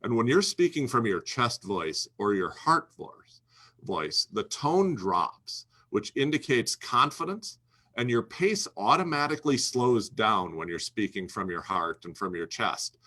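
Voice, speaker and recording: Bright-voiced man coaching advisors. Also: lowish voice, expressive, unhurried. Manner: emphatic, repeats key phrases, varies pace for effect. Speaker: guest speaker coaching financial advisors. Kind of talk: instructional talk to a host.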